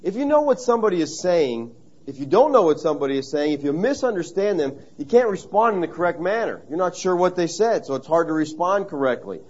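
A man's voice: high voice, very animated, quick pace, darkish tone, breathy edge, highs cut off. Man preaching a conversational sermon. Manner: conversational, tells anecdotes, repeats key phrases. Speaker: pastor.

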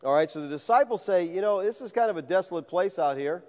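A man preaching an expository sermon in a conversational, animated way, acting out the voices of the people he quotes. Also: high-pitched, fast talker. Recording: dull sound with long hall reverb.

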